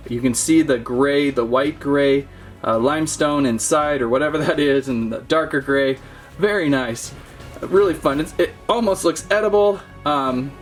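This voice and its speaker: Playful man hosting a toy unboxing. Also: a little high. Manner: playful, jokey, mock-serious. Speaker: toy channel host. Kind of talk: casual toy unboxing commentary.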